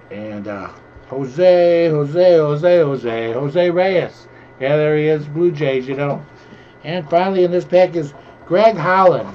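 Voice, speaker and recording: A man's voice: fairly high pitch, a little mellow. A middle-aged man opening packs of cards in casual, rambling commentary with jokey asides, recorded at home. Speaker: host opening card packs. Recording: dull lo-fi home recording with faint hiss.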